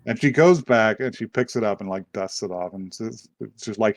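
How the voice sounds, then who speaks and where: A man's voice: on the low side, moderate pace, hardly any pauses, no echo. A young man hosting a casual podcast, recapping an anime in a rambling, profane way with lots of laughter. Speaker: podcast host.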